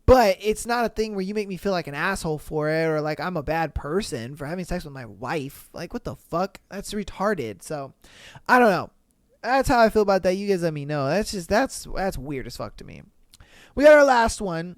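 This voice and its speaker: A man's voice: high-pitched, moderate pace, dry recording, clean studio sound. A young man hosting a podcast, reading listener stories aloud and ranting about them in casual, exasperated, profane commentary. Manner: animated, swears freely, exasperated rants. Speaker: podcast host.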